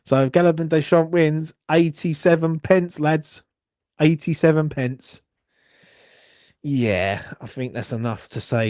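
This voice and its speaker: A man's voice: medium pitch, fairly even intonation, unhurried, darkish tone, dry recording. Young man, watchalong host; rambling, sweary, self-deprecating chat; dry phone mic. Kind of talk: casual live-stream chat.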